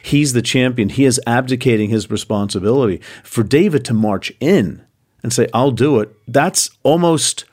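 A man's voice: mid-range voice, moderate pace, darkish tone. A man co-hosting a podcast, explaining in a conversational way, with easy laughs and verses read aloud. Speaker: podcast co-host. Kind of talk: casual explanatory chat.

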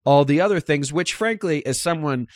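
A podcast host chats casually and wryly about politics, conversational in tone and slipping in quoted asides from people. His fairly high voice is expressive and moves at normal speed, captured in a dry, studio-quality recording.

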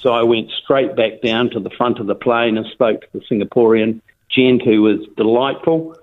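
Over a thin, tinny phone line, an older man with a New Zealand accent tells a long, rambling story, restarting his sentences. Being interviewed by phone, he speaks casually at a middle pitch and moderate pace.

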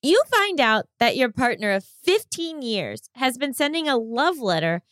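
A woman's voice: high-pitched, big pitch swings, unhurried, a bit bright, no echo. A woman co-host running a comic game-show segment on a podcast, with a mock announcer delivery. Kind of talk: hosting a comedic game segment.

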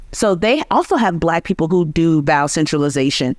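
A woman's voice: low voice, lively intonation, brisk, darkish tone, no room sound, clean studio sound. A woman linguist, a guest on an interview, explaining speech patterns patiently and often checking in with "right?".

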